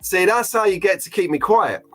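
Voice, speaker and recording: A man's voice: sits high, expressive, normal speed, fairly bright tone, soft background music. A middle-aged man hosting a live stream in a chatty, jokey, openly emotional way. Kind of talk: casual live-stream chat.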